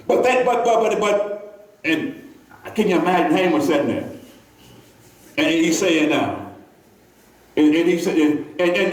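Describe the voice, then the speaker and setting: A man preaching a sermon in a church, talking with the congregation and often repeating himself. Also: high-pitched. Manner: conversational preaching, calls to the congregation, many repeats. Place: church sanctuary. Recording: echoey church from far off.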